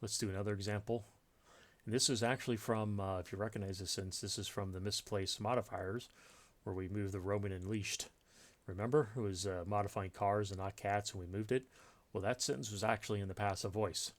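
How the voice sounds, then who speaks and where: Man, writing teacher, low voice, unscripted explanation, frequent uhs and restarts. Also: steady tone, brisk. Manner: unscripted, thinking aloud with many fillers and restarts. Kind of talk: explaining grammar in a recorded lesson.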